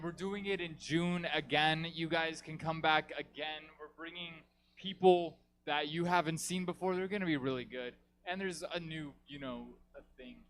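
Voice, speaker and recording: A man's voice: on the high side, a bit bright. A man hosting a comedy show, wrapping up with loose, joking banter to the crowd on a club stage. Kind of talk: casual wrap-up banter.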